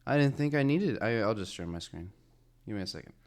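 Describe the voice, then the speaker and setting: A man's voice: fairly low pitch, animated, a little fast. A man co-hosting a casual podcast, teasing the others with dry banter. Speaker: podcast co-host.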